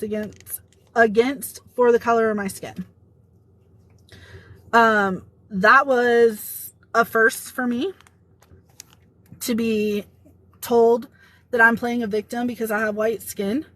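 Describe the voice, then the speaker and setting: A woman with a slightly high voice tells a personal story straight to the camera. She speaks casually and with feeling, acting out the quoted lines of the people in her story as she goes. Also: poor audio. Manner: emotional, animated retelling with quoted dialogue. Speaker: vlogger.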